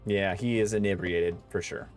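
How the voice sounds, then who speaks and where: A man's voice: sits low, steady tone, normal speed, soft background music. A man running a tabletop game as game master, narrating loosely with lots of fillers and restarts.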